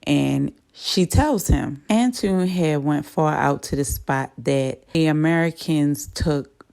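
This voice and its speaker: Low-voiced woman recapping a TV show. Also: vocal fry, darkish tone. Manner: chatty, voices the characters' lines while retelling. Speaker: TV episode recapper. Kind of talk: casual plot retelling.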